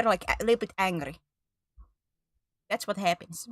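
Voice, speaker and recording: A woman plays a game on stream and chats casually with her viewers in a giggly, self-mocking way. She speaks at a normal speed in a medium-pitched voice, leaving long pauses, and the sound has no echo.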